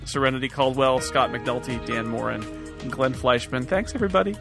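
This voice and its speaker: A man's voice: mid-range voice, lively intonation, moderate pace, vocal fry, over music. A man hosting a podcast, chatting casually over a voice call and trailing off with fillers. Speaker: podcast host. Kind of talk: casual chat. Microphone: computer mic on a voice call.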